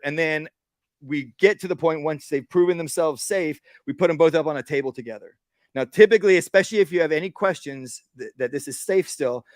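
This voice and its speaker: A man's voice: a little high, no room sound, clean studio sound. A man, a dog trainer, giving a casual workshop talk outdoors and acting out what dogs and owners say.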